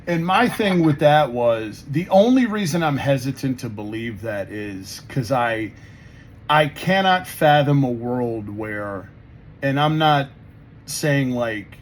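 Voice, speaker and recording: A man's voice: mid-range voice, expressive, slow pace, slight background noise. A man co-hosting a casual political podcast, blunt and heated, swearing often. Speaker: podcast co-host.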